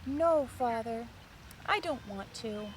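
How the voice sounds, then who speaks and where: Woman as a shy young boy mockingbird, soft-spoken, gentle, slow and lilting storybook read. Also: a little high, animated, a little hiss or hum, low-quality recording. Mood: reluctant.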